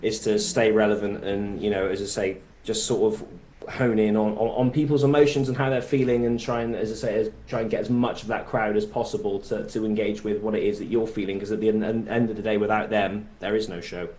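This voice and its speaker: A man's voice: on the low side, level tone, brisk, few pauses, a little mellow, reverberant. Rambling man with a Bristol accent. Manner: rambling, many verbal fillers. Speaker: musician guest. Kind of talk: casual interview chat.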